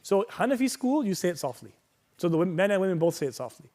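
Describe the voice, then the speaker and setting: A man's voice: high voice, very animated, quick pace, warm tone. A man teaching a workshop on prayer, explaining patiently and reassuringly, reciting Arabic phrases and checking in with "right?" and "okay?". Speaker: religious teacher.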